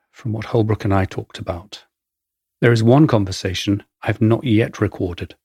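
Husky English man narrating his memoir. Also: mid-range voice, a little mellow, dry recording, studio quality. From England. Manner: wry, measured storytelling. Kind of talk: first-person memoir narration.

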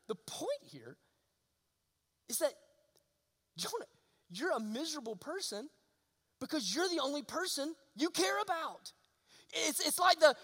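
A man preaching a sermon, emphatic and full of rhetorical questions, swinging from loud to hushed. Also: very high voice. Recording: long reverb of a large hall.

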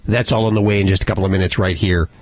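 A man's voice: low voice, steady tone, very fast, dry recording. A man hosting a pet talk radio show, joking with co-hosts and reading sponsor copy. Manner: chatty, jokey, reads sponsor copy. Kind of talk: lively talk radio banter.

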